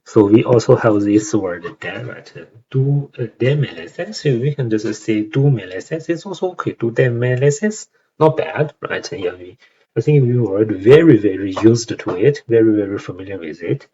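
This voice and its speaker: A man's voice: lowish voice, expressive, moderate pace, mellow, breathy edge, dull audio. A young man with a Chinese accent explaining lyrics in a casual tutorial, hesitant, with many fillers and tag questions. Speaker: language learner explaining song lyrics.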